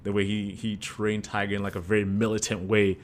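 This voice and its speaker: A man's voice: lowish voice, level tone, a little fast, slight background noise. A man co-hosting a podcast, telling stories in a laid-back, casual way and saying "like" a lot. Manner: laid-back, storytelling, says "like" often. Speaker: podcast co-host. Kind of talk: casual chat.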